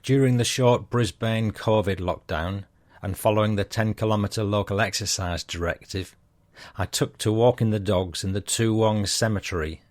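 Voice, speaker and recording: A man's voice: fairly low pitch, moderate pace, no echo. A middle-aged man, hosting a podcast and reading listener messages aloud in an easygoing, self-deprecating way. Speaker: podcast host.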